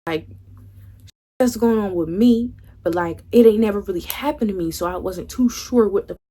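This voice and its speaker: A woman's voice: mid-range voice, normal speed, dark tone, husky. A young woman vlogger telling a candid storytime, swearing freely and acting out what her friends said. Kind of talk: casual storytime.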